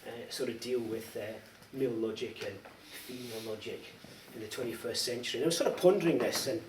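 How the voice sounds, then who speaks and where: A man's voice: medium pitch, quick pace. A middle-aged man from Scotland giving a teasing, anecdotal after-dinner comic speech. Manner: anecdotal, teasing, lively storytelling. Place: large dining hall. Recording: echoey hall, distant mic, background noise.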